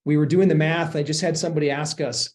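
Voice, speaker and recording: Higher-pitched man, earnest investor guest. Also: fairly even intonation, quick pace, darkish tone. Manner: earnest, explanatory, frequent restarts. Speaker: real estate investment sponsor, guest. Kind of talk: podcast interview answers.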